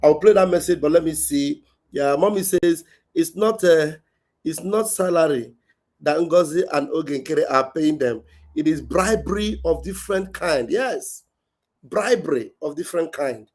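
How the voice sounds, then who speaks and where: A man's voice: on the high side, measured pace, a little mellow. Man hosting a call-in show. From Nigeria. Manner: laughs often, short backchannel hums. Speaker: host.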